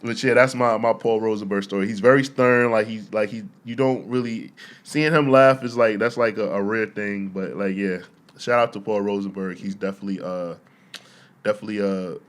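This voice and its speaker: A young man co-hosts a casual podcast, his voice sitting on the low side. He tells stories with animated energy, laughs often and slips into other people's voices for the quotes. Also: brisk. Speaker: podcast co-host. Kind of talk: casual storytelling chat.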